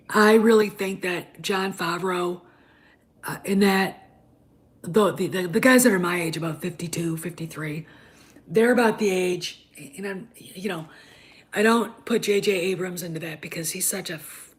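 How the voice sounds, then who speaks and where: A woman's voice: on the low side, measured pace. A woman, chatting casually on a livestream and rambling with many fillers and restarts. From Wisconsin, US. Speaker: livestream host.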